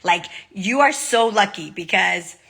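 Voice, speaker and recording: A bright, clear-toned woman in her thirties chatting straight to her viewers. She talks in a casual, animated way and jumps into little acted-out quotes. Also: medium pitch, measured pace. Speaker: vlogger. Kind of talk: casual chat to camera.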